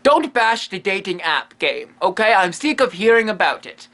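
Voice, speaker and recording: Man doing a goofy ghost medium, broken english with dropped articles, bright voice that swings up and down a lot. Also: sits high, sing-song, normal speed, vocal fry, heavily acted. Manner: broken English that drops articles, rambling asides. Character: quirky lonely male ghost medium, self-amused and rambling. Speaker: comedy vlogger in character. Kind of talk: comedy character monologue.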